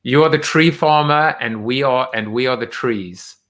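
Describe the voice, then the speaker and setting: Bright-voiced man hosting a live show. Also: medium pitch, moderate pace. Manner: rambling, many fillers and restarts. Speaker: show host. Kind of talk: casual live-stream chat.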